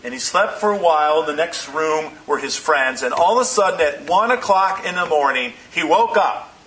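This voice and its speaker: A man preaching a sermon as pastor, in measured phrases that slow down for emphasis. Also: fairly high pitch, lively intonation, fairly bright tone, a little hiss or hum, rough recording.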